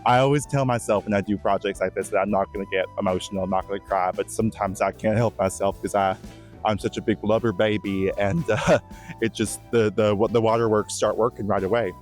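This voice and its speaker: A man playing a vain, shy, emotional Bigfoot who gives a rambling, earnest tour of his forest home, with halting restarts, in a mock-documentary comedy. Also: fairly low pitch, steady tone, soft background music, natural voice. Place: outdoors in woods.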